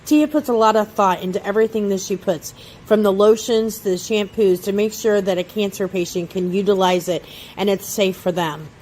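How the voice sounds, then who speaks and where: A woman's voice: medium pitch, brisk, a little hiss or hum. Woman reading a charity promo. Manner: steady, read-out delivery. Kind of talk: scripted promotional narration.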